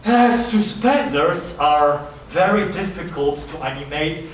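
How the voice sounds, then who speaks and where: A man's voice: fairly high pitch, lively intonation, takes it slowly, slight background noise. Man, rambling panel speaker, slightly raised voice, distant mic in a reverberant hall. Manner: rambling with many fillers, acting out bits. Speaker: convention panelist. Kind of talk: casual panel talk demonstrating acting reference. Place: large convention hall. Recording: echoey hall from far off.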